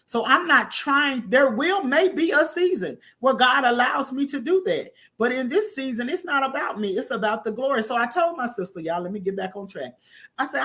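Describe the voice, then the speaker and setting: A woman preaching a conversational sermon, calling listeners honey and baby and breaking into loud emphatic bursts. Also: fairly high pitch, lively intonation, normal speed. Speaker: prophetess preaching online.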